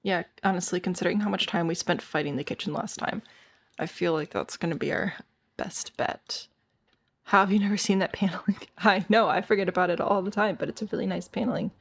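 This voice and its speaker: Hoarse, tired woman streamer, gravelly. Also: fairly low pitch, fairly even intonation, fairly quick. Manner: chatty, thinking aloud, talking to chat. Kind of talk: casual gameplay chat.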